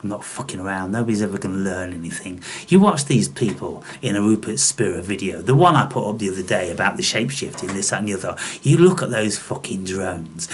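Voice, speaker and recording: A man's voice: low-pitched, animated, brisk, slight background noise. A man hosting a spiritual video channel, ranting bluntly at his viewers and swearing constantly with scorn.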